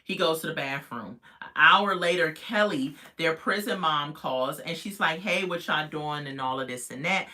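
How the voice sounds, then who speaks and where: Reviewer, casual recap, bright forceful voice, opinionated and animated with viewers. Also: moderate pace, hardly any pauses. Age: adult parent. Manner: chatty, opinionated, talks straight to viewers; animated, jumps in pitch when reacting. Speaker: reality TV reviewer.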